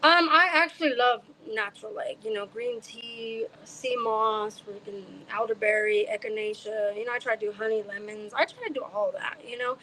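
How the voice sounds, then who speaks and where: A woman's voice: fairly high pitch, normal speed, hardly any pauses, sharp tone, slight background noise, rough recording. A woman musician being interviewed, talking frankly and chattily with frequent laughs. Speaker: musician guest. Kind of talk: casual interview chat.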